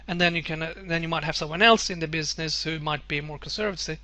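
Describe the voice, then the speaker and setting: A man's voice: on the high side, steady tone, quick pace, pushed and bright. A man presenting a webinar with slides, explaining earnestly and often circling back to restate his points.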